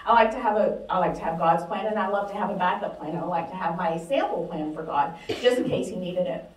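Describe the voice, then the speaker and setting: A woman's voice: on the low side, fairly quick, slight background noise. A woman pastor with a light Southern accent, preaching a chatty, humorous sermon. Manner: chatty, humorous, animated, laughing often. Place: church sanctuary. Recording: roomy sound from a distance.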